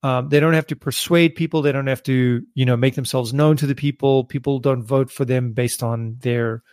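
A man's voice: mid-range voice, fairly even intonation, normal speed, a little mellow, no echo, clean studio sound. Man musing with lots of ums. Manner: thinking aloud with many fillers and restarts. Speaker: podcast host. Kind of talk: casual solo commentary.

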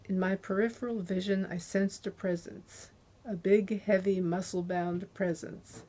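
Casting: woman narrator for a first-person thriller audiobook, slow and deliberate, mid-pitched. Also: mellow.

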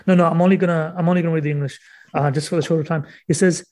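A man, a guest author on a podcast interview, explaining poetry earnestly and reading verse aloud slowly, often repeating words as he thinks. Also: a little high, fairly even intonation, darkish tone.

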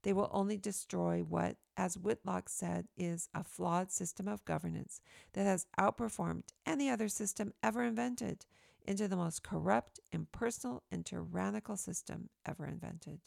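A woman reading her own opinion essay aloud in an earnest, emphatic, steady way, recorded close to the mic. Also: lowish voice, normal speed, gravelly, no room sound.

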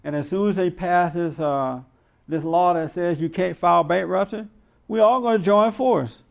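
A man's voice: sits high, moderate pace, vocal fry. A man hosting a radio talk show, preaching with emphatic rhetorical questions and mocking quotes. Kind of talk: preaching commentary to a live audience.

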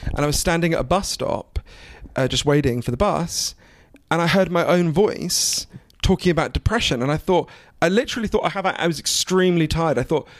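A man, an author, chats in an animated, profane, self-interrupting flow. His voice sits a touch higher than most men's. The sound is dry and close. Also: fairly quick, hardly any pauses, dry recording. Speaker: author and guest. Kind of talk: casual conversation.

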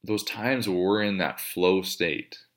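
A man's voice: sits low, slow pace. A man coaching and explaining training states in a casual, conversational way, swearing freely and acting out an athlete's inner thoughts.

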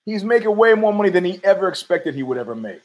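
A man's voice: high-pitched, big pitch swings, fast talker, lo-fi sound. A man hosting a podcast, rambling and profane, arguing with himself in a casual monologue. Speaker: podcast host.

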